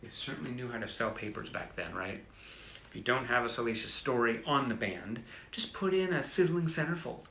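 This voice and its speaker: A man's voice: mid-range voice, lively intonation, brisk, creaky, fairly bright tone, reverberant, a little hiss or hum. A man hosting a casual live stream, reading old clippings aloud with wry, self-mocking asides. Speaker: host. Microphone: phone or webcam on a live stream.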